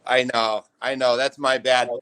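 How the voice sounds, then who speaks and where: A man's voice: mid-range voice, little pitch movement, unhurried, a bit bright, clear, resonant tone. A middle-aged man, telling blunt, exasperated stories as a guest on a friend's show. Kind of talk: casual chat.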